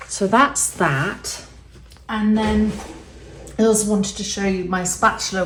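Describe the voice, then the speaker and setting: A woman with a lowish voice demonstrates resin art step by step in a casual, chatty way, thinking aloud and saying um now and then. There's a little hiss or hum, and the room has an echo.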